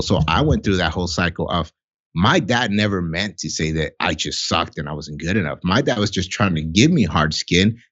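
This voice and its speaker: A man's voice: low voice, a bit bright, highs cut off. A middle-aged man, a podcast guest, talking candidly and with heavy profanity about fatherhood in casual conversation. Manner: blunt, profane, heartfelt storytelling.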